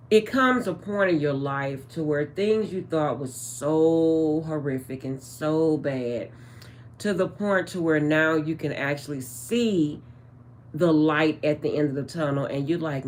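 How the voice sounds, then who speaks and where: A woman's voice: low voice, a little hiss or hum. A woman channeling spiritual messages in a casual vlog, talking straight to her viewers in a chatty way. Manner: chatty, addresses viewers as guys, trails off with um.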